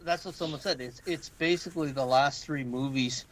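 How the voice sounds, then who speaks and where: A man's voice: medium pitch, moderate pace, fairly bright tone. A man co-hosting a casual pop culture podcast, telling loose, profane stories and mimicking the people in them. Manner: loose, swearing storyteller who mimics people. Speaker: podcast co-host.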